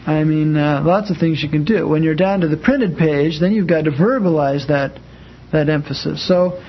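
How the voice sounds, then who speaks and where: A man's voice: on the high side, creaky, muffled recording, slight background noise. A man teaching an informal class, talking in a conversational way and acting out spoken examples, with frequent fillers.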